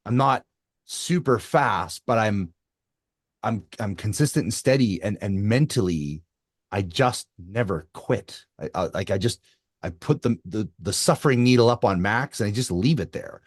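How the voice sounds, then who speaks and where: A man in his fifties, an endurance athlete guest, telling his story in an interview with lively energy and many restarts. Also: on the low side, normal speed, dry recording, clean studio sound. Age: 50s.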